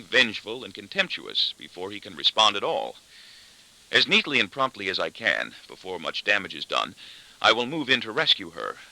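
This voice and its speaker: A man's voice: on the low side, vocal fry, sharp tone, rough recording. A man reading an audiobook in the first person, with a dry, wry delivery. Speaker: audiobook narrator. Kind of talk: scripted narration.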